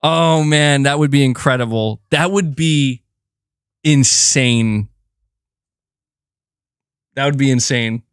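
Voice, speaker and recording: A man doing casual live-stream commentary on gaming news, animated and slangy, laughing often and acting out mock exchanges. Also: medium pitch, slow, pauses often, clear, resonant tone, dry recording, studio quality.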